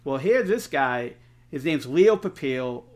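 A middle-aged man, co-hosting a podcast and telling stories in an animated way, swearing freely. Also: medium pitch, takes it slowly. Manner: animated storyteller, swears freely, acts out quotes. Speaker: podcast co-host. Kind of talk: casual storytelling chat.

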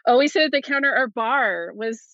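A woman's voice: fairly high pitch, expressive, fairly quick, bright, forceful tone, no echo, dull audio. A woman chatting as a podcast guest, gushing and giggling, with many fillers. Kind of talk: casual chat.

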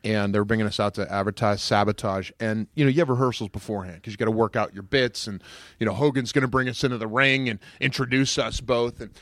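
A man, an actor guest, telling animated stories in a casual chat. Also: fairly low pitch, fast, dry recording, studio quality. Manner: animated, does voices in anecdotes.

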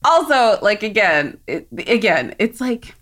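A woman's voice: mid-range voice, big pitch swings, measured pace, a bit bright. A woman from South Texas, co-hosting a casual chat, frank and emphatic with a joking edge.

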